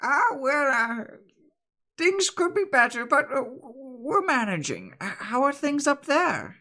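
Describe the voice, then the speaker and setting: A man's voice: extremely high pitch, very animated, measured pace, bright, forceful tone, pitched above the performer's own voice, exaggerated voice. A man voicing a fussy, motherly old bread woman who stammers and fills her talk with nervous uhs in a tabletop game. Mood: fretful. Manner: stammering, full of uhs, fretful.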